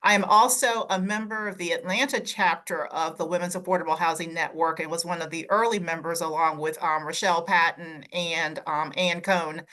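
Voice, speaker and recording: Low-voiced woman lawyer. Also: steady tone, moderate pace, hardly any pauses, sharp tone. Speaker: lawyer, advisory council member. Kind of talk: casual self-introduction.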